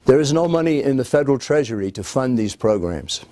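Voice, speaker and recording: A man's voice: medium pitch, big pitch swings, a little fast, mellow, no echo. A man from the United States, a political speaker, reading a scripted documentary narration in an earnest, emphatic, lecturing manner.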